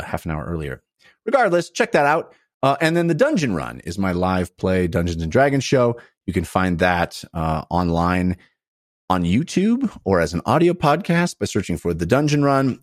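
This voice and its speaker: Wry, lively man hosting a podcast. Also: on the low side, no echo, clean studio sound. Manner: wry, jokey, upbeat plugging. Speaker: podcast host. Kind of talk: casual podcast chat.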